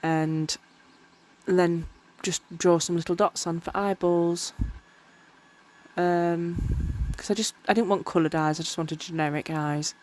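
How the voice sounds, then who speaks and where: Rambling woman, low voice. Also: steady tone, slow, darkish tone. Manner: rambling, self-mocking, often tripping over words. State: tired. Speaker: miniature crafter. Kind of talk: casual crafting vlog narration.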